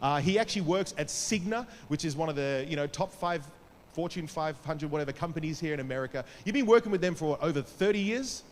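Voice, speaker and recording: A man's voice: fairly high pitch, animated, quick pace. A man introducing a guest preacher in a church service, speaking with affection and pushing the congregation to respond. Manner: affectionate, then shouts to rouse the crowd. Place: church sanctuary. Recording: church hall reverb with faint ambience.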